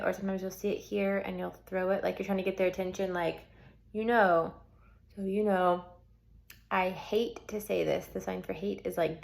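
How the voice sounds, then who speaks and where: A woman's voice: mid-range voice, gravelly. A woman teaching sign language for a script, explaining each sign in a chatty way with lots of "like" and "um". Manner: chatty, full of "like" and "um", thinks aloud. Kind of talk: casual instruction explaining signs for a script.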